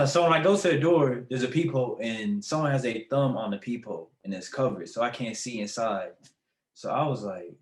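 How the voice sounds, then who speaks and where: A young man, a podcast guest, telling a personal story in a relaxed, lively way, laughing often as he goes. His voice sits at a middle pitch for a man. The recording carries a noticeable room echo. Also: moderate pace. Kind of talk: casual storytelling.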